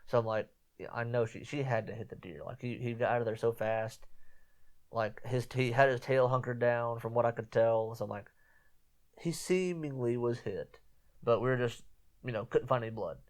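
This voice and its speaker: A man's voice: medium pitch, normal speed. Man casually telling a hunting story. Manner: rambling, repeats himself, quotes others in lively voices. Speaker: podcast host.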